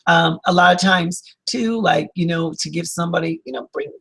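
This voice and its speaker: A man speaks as a counselor in an informal motivational talk. His voice is husky, with a gravelly edge. He sounds earnest and upbeat, and he rambles with fillers and restarts. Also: fairly high pitch, moderate pace, sharp tone, low-quality recording. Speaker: licensed counselor giving motivational advice.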